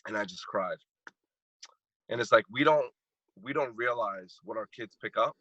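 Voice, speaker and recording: Earnest husky-voiced man. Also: lowish voice, moderate pace, long pauses, pushed and bright, no echo, highs cut off. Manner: heartfelt, earnest, repeats phrases for emphasis. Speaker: guest speaker and coach. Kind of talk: emotional personal storytelling.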